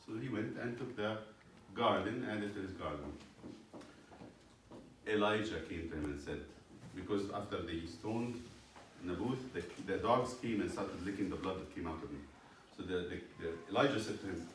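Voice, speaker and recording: A man's voice: sits low, a little fast. A man leading a Bible study class, retelling a story animatedly and checking in with his students. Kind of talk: storytelling lesson. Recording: echoey room, distant mic, faint noise.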